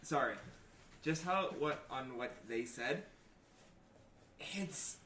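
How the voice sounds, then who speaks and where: An excitable man in casual conversation, laughing often and breaking into near-shouts. His voice is bright and swings widely in pitch. The room around him is echoey. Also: slow, slight background noise. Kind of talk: casual group chat.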